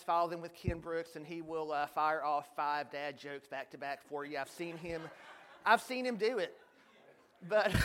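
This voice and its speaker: A man's voice: high voice, fairly bright tone. A man pastor preaching a sermon, telling a joke story and joking with the congregation in a church.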